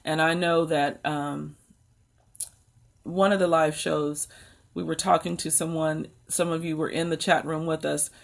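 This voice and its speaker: A woman's voice: deep voice, little pitch movement, unhurried, creaky. An American woman hosting a live book stream, chatting casually and rambling to her viewers. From United States. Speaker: book channel host.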